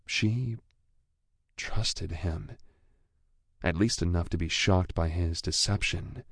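A man reads a first-person novel in a low, gravelly voice. His delivery is slow and measured. The recording is dry and close, with no room sound. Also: dry recording. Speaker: audiobook narrator. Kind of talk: first-person scripted narration.

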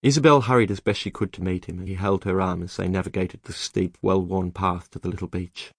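A man narrating an audiobook in a measured, even storytelling manner, close to the mic. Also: low-pitched, dry recording. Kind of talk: scripted narration.

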